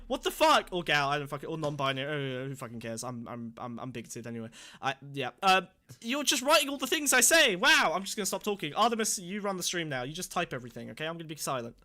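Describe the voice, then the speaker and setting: A man's voice: fairly high pitch, sharp tone. A man with a sore throat, hosting a casual livestream with swearing, mock-angry rants. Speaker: streamer host.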